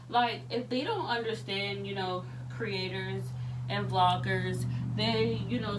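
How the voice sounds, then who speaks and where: A pregnant woman in her thirties vlogging casually while tidying her bedroom, telling candid, animated stories full of slang. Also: a little high, recorded from a distance, slight background noise. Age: 30s. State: pregnant, back aching. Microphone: camera set up across the room.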